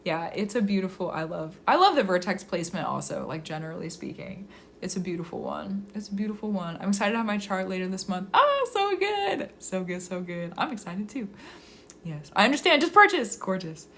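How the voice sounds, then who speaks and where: A woman at a middle pitch talks through a live astrology stream, effusive and quick to laugh. She sometimes slows into a soft, measured invocation before a reading. A faint steady noise sits under her voice. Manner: effusive, gushing, laughs often.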